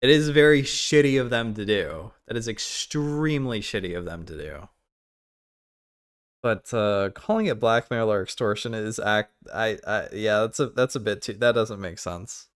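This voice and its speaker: A man's voice: lowish voice, moderate pace, clean tone. A man reacting on a live stream, blunt and profane, rambling and often restarting his sentences.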